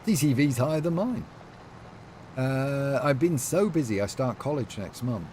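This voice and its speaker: A man's voice: medium pitch, animated, a little slow, dark tone. A man with a chatty manner, casually talking to his live-stream chat while playing, with faint noise behind him. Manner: chatty, reads out and answers chat.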